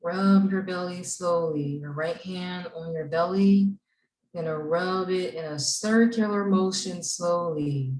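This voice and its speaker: A woman instructor walks a group of kids through a calm breathing exercise, speaking slowly and gently. Her voice sits a little low and comes from a distance, with plenty of room echo around it. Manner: slow, gentle, soothing guidance. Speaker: camp instructor leading children. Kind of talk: guided breathing and mindfulness exercise. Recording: echoey room, voice from far off.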